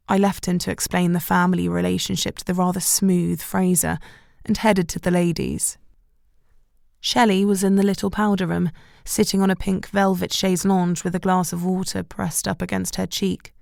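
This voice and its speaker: A woman's voice: fairly low pitch, little pitch movement, moderate pace, vocal fry, darkish tone, dry recording, studio quality. A woman narrating a romantic novel in the first person as an audiobook.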